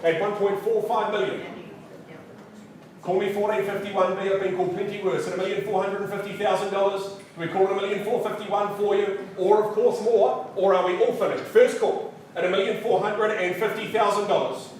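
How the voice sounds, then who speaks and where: A man's voice: high-pitched, little pitch movement, brisk, darkish tone, a little hiss or hum. A man calling a live auction indoors, rattling off bids and teasing the bidders with playful asides. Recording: very echoey room, voice from a distance.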